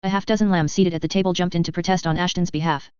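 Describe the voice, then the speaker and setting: A woman's voice: fairly low pitch, fairly even intonation, fast talker, a little mellow, clear, resonant tone, no echo. A woman narrating a first-person novel as an audiobook, reading steadily. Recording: slightly dull lo-fi.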